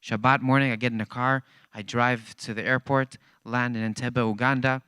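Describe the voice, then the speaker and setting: Bright, clear-voiced male storyteller. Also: medium pitch, normal speed, no room sound. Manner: animated storyteller acting out dialogue. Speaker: guest speaker at a church. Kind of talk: storytelling talk to a congregation. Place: church.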